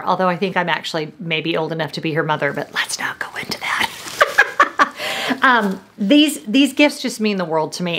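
A woman's voice: mid-range voice, a bit bright. A middle-aged woman, gushing and emotional as she unboxes gifts and talks to her viewers. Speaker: vlogger. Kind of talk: gift unboxing vlog.

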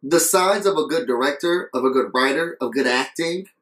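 A man's voice: on the high side, moderate pace, fairly bright tone, roomy sound, poor audio. A man talking earnestly in a casual vlog review, coughing between phrases and repeating himself for emphasis. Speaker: video reviewer.

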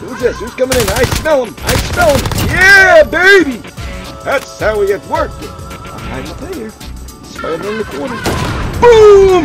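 An older gamer with a strikingly high voice narrates his match in a stream of boastful, profane trash talk. He cackles and taunts his opponents by name. Music pounds and gunfire rattles behind him. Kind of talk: gameplay trash-talk commentary.

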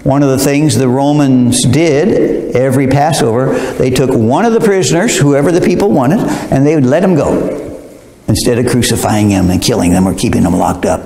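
A man's voice: medium pitch, moderate pace, gravelly, warm tone. A male preacher teaching a verse-by-verse Bible sermon in a conversational, digressive way, speaking directly to his listeners. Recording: roomy hall reverb.

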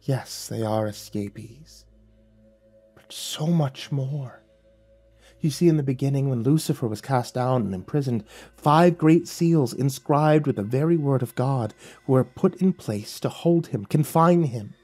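A man voicing a gentle, sorrowful angel. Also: medium pitch, breathy edge, faint music behind. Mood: solemn, gentle. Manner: soft, solemn, slow and pleading. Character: gentle male angel messenger, sorrowful and patient.

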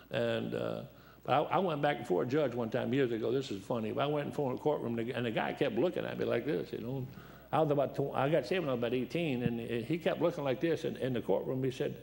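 Old 70ish preacher, gravelly dried up voice, cracking jokes and telling stories in church. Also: male voice, mid-range voice, quick pace, a little mellow. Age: 70s. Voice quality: worn, dried-up voice. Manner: joking, folksy, full of anecdotes. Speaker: guest preacher. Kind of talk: folksy storytelling sermon.

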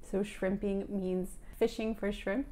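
Measured woman English teacher. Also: medium pitch, level tone, dark tone. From Alabama. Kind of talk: explaining to viewers.

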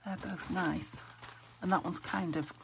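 A woman's voice: fairly low pitch, steady tone, measured pace, gravelly, noisy background. A woman from England chatting casually as she sorts craft papers. She thinks aloud and keeps dropping to a whisper because her voice is weak and she is saving her throat. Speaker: craft vlogger. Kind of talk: casual chat while sorting craft papers. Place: craft room at home. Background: paper crinkling and clicks.

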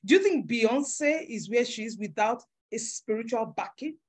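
A woman giving a motivational business workshop in a forceful, preacher-like way, acting out little voices. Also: on the high side, expressive, moderate pace, slightly rough. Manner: emphatic, preacher-like, acts out voices with big swings.

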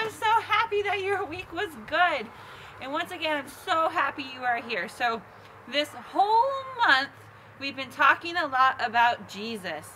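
A woman's voice: high-pitched, noisy background. A woman leading a children's church lesson, bubbly and upbeat, calling out to kids to join in. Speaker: children's ministry leader. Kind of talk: kids' church lesson and action song.

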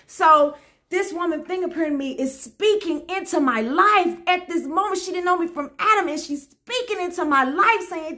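A woman, telling a personal story in a lively, expressive way and dropping to a hush when quoting others. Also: sits high, moderate pace. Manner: expressive, drops to a hush for quotes, peppered with "y'all" and "honey". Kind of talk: animated storytelling.

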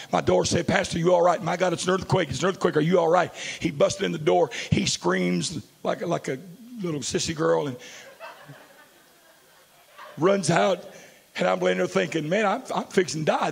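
Male pastor, slightly high and raspy, fiery revival preaching. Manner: fiery preaching, swings from hushed storytelling to shouting. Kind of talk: sermon. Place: large church.

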